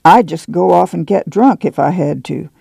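A gruff, weary farm father, voiced by a man reading a novel talks plainly in rural dialect. The voice is gravelly and mellow, and the sound is dry. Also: sits high, normal speed, dry recording, exaggerated voice.

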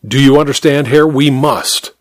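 A man's voice: medium pitch, steady tone, moderate pace, dry recording, clean studio sound, close to an everyday voice. A man voicing a cold, proud doctor who speaks in a clipped, stiff way. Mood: nervous.

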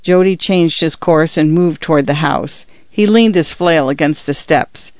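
A man narrating a story in a steady, even audiobook reading. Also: fairly high pitch, measured pace, no room sound. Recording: dull, lo-fi dry recording.

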